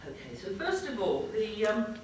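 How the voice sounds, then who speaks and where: At medium pitch and normal speed, a woman swings her voice through huge rises and falls while hosting a convention. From a stage in a large hall she makes informal, loosely organized announcements and presents awards. The audio is noisy, distant, and full of hall echo.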